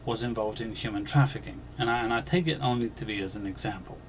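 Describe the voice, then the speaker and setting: A man hosting a Christian channel, earnestly recounting a dream as personal testimony, halting and restarting, and growing emphatic on key points. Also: on the low side, a little hiss or hum. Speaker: Christian video channel host.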